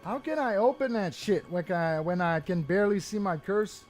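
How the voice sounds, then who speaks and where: A man's voice: high voice, normal speed, darkish tone. A man commentating his live game stream, cursing in frustrated outbursts with faint game music behind. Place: home room at a computer.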